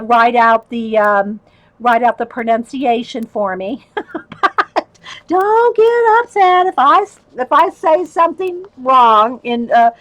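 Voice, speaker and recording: A woman's voice: sits high, fairly bright tone, no room sound, low-quality recording. A woman hosting a casual livestream, chatting with viewers, laughing often and reading letters aloud.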